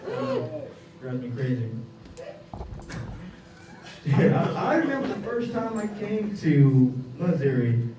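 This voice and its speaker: A young man performing a stand-up comedy set, animated, jumping into quick high-pitched voices for the people in his stories. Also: crowd noise. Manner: animated, acts out others in quick high bursts. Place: comedy venue. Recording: echoey club from a distant mic, audience noise.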